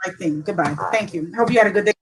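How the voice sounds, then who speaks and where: Slight background noise and low audio quality surround a woman from Saint Croix, U.S. Virgin Islands, chatting as a podcast guest. She talks quickly in a medium pitch, earnest and uplifting, in long unbroken runs.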